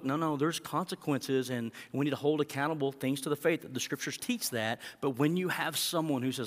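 A man's voice: medium pitch, brisk, hardly any pauses, fairly bright tone, long reverb tail. A male pastor preaching a sermon in an earnest way that rises to emphatic peaks.

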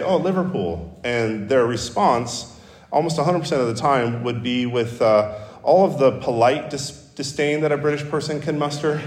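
Pastor, man, casual storytelling sermon, booming church reverb. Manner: conversational, self-deprecating storytelling. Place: church sanctuary. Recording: roomy hall reverb.

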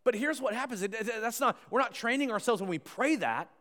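A male pastor delivering a sermon with animated swings between forceful declarations and quiet, intimate retellings. His voice sits high for a man. The sound carries a long reverb, as from a church hall. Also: a little fast. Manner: animated preaching, swings from loud to hushed.

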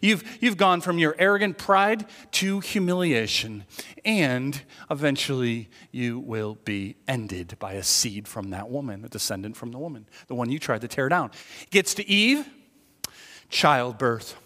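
A man preaching a sermon as pastor, moving from hushed, confessional lines to loud, emphatic points in a conversational style. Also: medium pitch, expressive, unhurried. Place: church sanctuary. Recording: long church-hall reverb.

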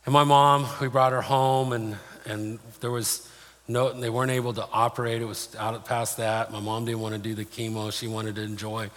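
A man's voice: medium pitch, level tone, moderate pace, fairly bright tone. Plain-spoken male preacher in a reverberant hall. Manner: plain-spoken, personal storytelling. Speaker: pastor. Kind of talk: sermon. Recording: long reverb of a large hall.

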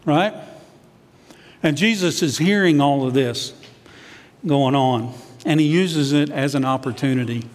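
A man's voice: a little high, moderate pace, in a large hall. A man, a church elder, preaching a sermon in a conversational way, sometimes acting out what the disciples said.

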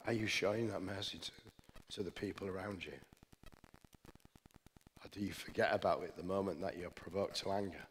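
A man delivers a sermon in a low voice, speaking in a conversational, earnest way and often restarting his sentences. His voice carries a long church reverb, with a faint hiss underneath. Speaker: pastor. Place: church hall.

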